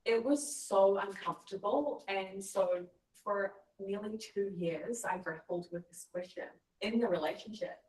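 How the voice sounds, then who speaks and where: A woman's voice: medium pitch, unhurried, a little mellow, far from the mic. A woman telling a personal story in a casual chat, earnest and reflective. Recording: echoey room, voice a bit off-mic.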